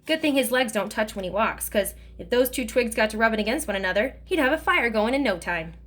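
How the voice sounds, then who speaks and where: A woman's voice: fairly high pitch, lively intonation, a little fast, fairly bright tone. Woman reader voicing a teasing old man in a storybook; light joking delivery.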